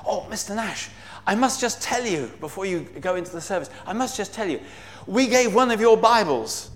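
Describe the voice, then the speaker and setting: A man quoting a woman prison chaplain, telling him her news in an eager, hurried way. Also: mid-range voice, expressive, pitched above the performer's own voice, close to an everyday voice.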